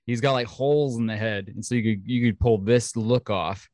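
Chatty, excitable podcast co-host man. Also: medium pitch, moderate pace, no room sound, studio quality. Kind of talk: casual chat.

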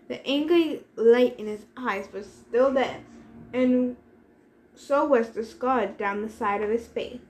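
A woman reading a novel aloud in steady first-person narration. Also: fairly high pitch. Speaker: reader. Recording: echoey room, faint hiss.

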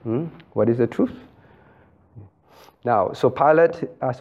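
A man's voice: medium pitch, takes it slowly, a little mellow, highs cut off. A male pastor leading an interactive Bible study in a church room, emphatic and questioning, calling on listeners by name.

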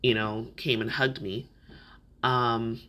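Sharing something personal on his podcast, the host talks with candor and reflection, letting the conversation wander. His bright, forceful voice sits at an average male pitch, barely moves in pitch, and he takes his time.

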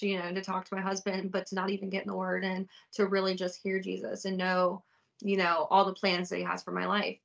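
Gravelly, bright-voiced woman talking faith. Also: mid-range voice, recorded from a distance. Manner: earnest, testifying. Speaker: podcast co-host. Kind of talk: casual faith chat.

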